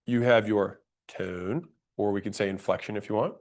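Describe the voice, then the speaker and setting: A man teaching a sales class, blunt and emphatic, demonstrating pauses and rising inflection as he explains. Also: lowish voice, steady tone, darkish tone. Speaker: sales trainer. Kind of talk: instructional talk on sales tonality.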